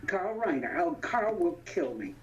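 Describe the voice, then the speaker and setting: A woman in her eighties, a veteran actress, reminiscing in an interview as an animated storyteller who laughs often and stops to search for names. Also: on the low side, unhurried, slight background noise. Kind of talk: anecdotal reminiscing. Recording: dull lo-fi sound.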